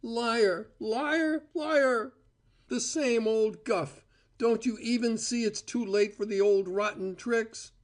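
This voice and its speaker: A man reading an audiobook voices a furious, scornful young woman with a shrill, screaming tone. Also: animated, a little slow, a little mellow. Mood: hysterical rage. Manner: scornful and bitter. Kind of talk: audiobook character voice.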